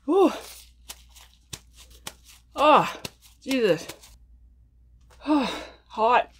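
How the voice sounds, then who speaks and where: A woman's voice: lowish voice, unhurried, pauses often, a little mellow, slight background noise. A young woman chatting casually to her viewers between mouthfuls as she hosts an eating video. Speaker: mukbang eating channel host.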